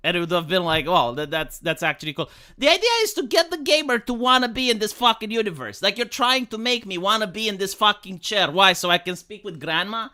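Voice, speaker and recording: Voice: mid-range voice, lively intonation, fast, few pauses, bright, forceful tone. A streamer giving exasperated live commentary over gameplay, ranting and stumbling over words.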